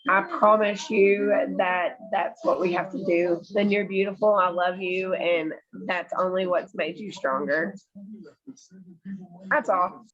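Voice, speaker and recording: A woman's voice: fairly low pitch, fairly even intonation, a little slow, fairly bright tone, muffled recording. A woman speaking earnestly and encouragingly to a friend in a support group, swearing casually. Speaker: group member. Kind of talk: heartfelt casual talk.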